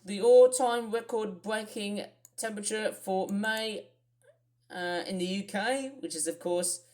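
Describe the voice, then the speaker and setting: A woman's voice: mid-range voice, a little slow, a little mellow. A woman with an Australian accent, rambling through casual weather commentary on her own channel with lots of fillers and asides. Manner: rambling, thinking aloud with many fillers. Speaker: weather vlogger.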